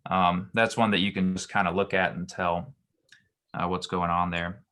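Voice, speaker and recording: A man tutoring Hebrew grammar, explaining slowly with many ums and restarts. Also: deep voice, little pitch movement, sharp tone.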